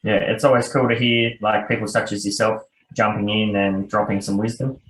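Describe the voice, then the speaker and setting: A man's voice: lowish voice, little pitch movement, fairly quick, a bit bright. Man, Australian accent, dry, laid-back, roomy echo. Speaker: co-host. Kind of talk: casual chat. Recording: echoey room.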